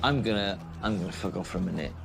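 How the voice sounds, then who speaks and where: A man playing a sulky, defeated French emperor in a petulant mock-French voice, lower than his own. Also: quick pace, gravelly, fairly bright tone, soft background music. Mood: grumbling.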